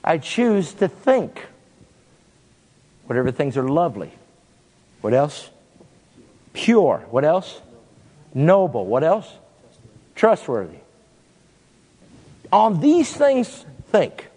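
A man preaching a sermon in an animated way, with sudden swings in pitch and pace. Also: slow pace, long pauses, in a large hall.

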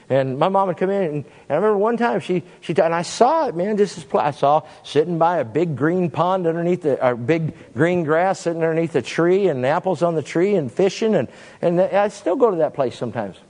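A man preaching a sermon in an animated way, with sudden swings in pitch and pace. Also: brisk, long reverb tail.

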